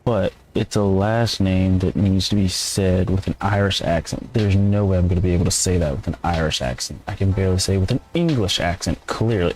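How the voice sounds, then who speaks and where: A man's voice: low-pitched, brisk, few pauses, darkish tone. A man streaming a farming game, chatting casually and rambling as he answers his viewers' chat. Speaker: gameplay streamer. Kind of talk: casual live-stream commentary.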